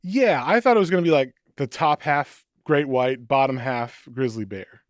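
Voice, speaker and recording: A man's voice: medium pitch, normal speed. A man chats as a podcast co-host and walks through a comic's story. He acts out the characters' lines as he goes. His voice sits in a middle register and the sound is dry, with no room echo. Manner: animated storytelling, acting out quotes. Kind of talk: casual chat recapping a comic.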